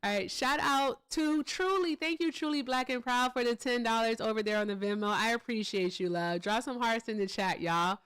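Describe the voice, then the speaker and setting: A woman's voice: on the high side, moderate pace, few pauses, fairly bright tone, smooth, dry recording. A woman hosting a live stream in a casual, chatty way. She thanks donors, laughs often and swears freely. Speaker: livestream host.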